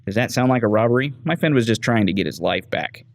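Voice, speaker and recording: A chatty weapon-shop owner from a wasteland game, voiced by a man, sharing gossip in a confiding, earnest tone. The voice sits a little higher than a plain male voice, with lively pitch swings and a gravelly grain. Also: quick pace. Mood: gossipy.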